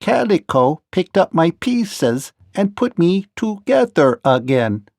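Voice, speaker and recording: A gruff mechanical man from a storybook, calm and literal-minded, as a man puts him on and speaks slowly in a raised, stiff voice. His words come out measured and plain, recorded close and dry. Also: high voice, no echo, voice pushed up, exaggerated voice. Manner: slow, measured, mechanical delivery. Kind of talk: storybook read-aloud.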